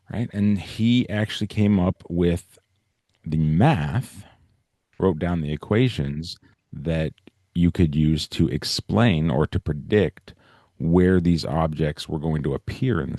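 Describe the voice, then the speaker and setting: A man's voice: rumbling low, dark tone, no echo, clean studio sound. A male teacher giving a casual, explanatory science lecture on a video call, often checking in with "right?" and "okay?". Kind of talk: online class lecture.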